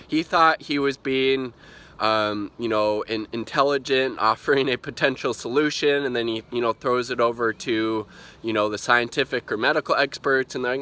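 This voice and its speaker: Exasperated man, bright-toned, profane rambling commentary. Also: medium pitch, normal speed, clear, resonant tone. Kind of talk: ranting video commentary.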